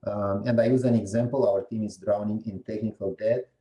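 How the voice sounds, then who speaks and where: A man's voice: lowish voice, steady tone, brisk, dark tone, reverberant, low-quality recording. A man giving a meetup presentation, explaining slides one by one and putting questions to the audience. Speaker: guest presenter.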